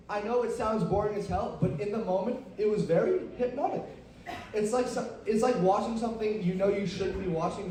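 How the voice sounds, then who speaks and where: A man's voice: sits high, mellow. Rambling young male stand-up comic. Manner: rambling, self-deprecating, lots of fillers. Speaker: stand-up comedian. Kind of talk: stand-up comedy set. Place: comedy club stage. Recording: roomy, distant live club mic.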